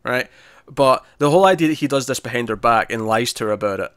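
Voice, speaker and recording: A man chats through an episode recap, jumping into characters' voices as he goes. His pitch sits in the middle of the range. The recording is dry and close. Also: quick pace, no echo. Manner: animated recapping, acts out characters' lines; frequent restarts and repeated words. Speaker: podcast co-host reviewing TV. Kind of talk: casual review discussion.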